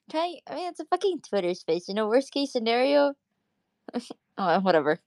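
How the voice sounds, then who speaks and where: A woman's voice: sits high, wildly swooping pitch, a little slow, no room sound. A young woman from Indonesia chatting casually in a live audio room, rambling, swearing freely and laughing often. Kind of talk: casual chat.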